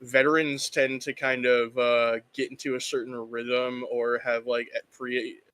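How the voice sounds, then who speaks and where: A man's voice: medium pitch, level tone, unhurried, a bit bright. A young man who runs tabletop games, chatting casually with lots of fillers and enthusiasm. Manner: rambling, filler-heavy, enthusiastic. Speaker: game master, podcast guest. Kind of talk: casual chat.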